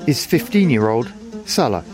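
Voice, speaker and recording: A man narrating a scripted news report in a measured, even delivery. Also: medium pitch, over loud music.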